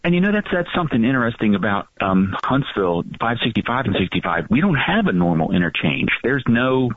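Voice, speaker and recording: A man co-hosting a radio talk show, chatting casually and halting as he searches for words. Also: medium pitch, very animated, dry recording. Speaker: radio co-host. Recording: dull radio audio.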